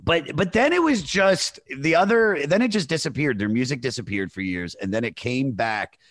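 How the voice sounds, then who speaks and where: A man's voice: medium pitch, animated, moderate pace, a bit bright, no echo. A man telling a long story in casual podcast chat, rambling with many fillers. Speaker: podcast guest.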